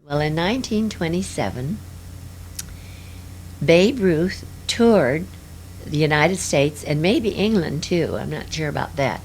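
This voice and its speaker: A woman's voice: low-pitched, animated, slow pace, a little mellow, slight background noise. An older woman reminiscing in an interview, rambling and hesitant with many fillers.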